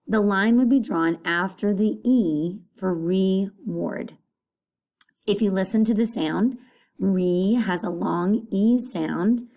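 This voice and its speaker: Female elementary teacher, recorded phonics lesson for kids, slow and patient, mellow tone. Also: mid-range voice. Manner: slow, patient, repeats words aloud to children.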